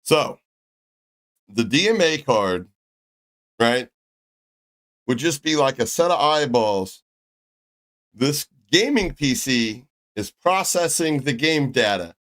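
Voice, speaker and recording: A man hosting a live stream who argues in a measured, questioning way with dry sarcasm. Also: mid-range voice, animated, a bit bright. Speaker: streamer host.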